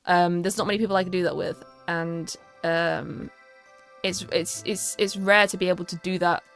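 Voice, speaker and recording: A woman's voice: lowish voice, level tone, moderate pace, a bit bright, faint music behind. A young woman streaming a casual chat, rambling and stammering with lots of restarts.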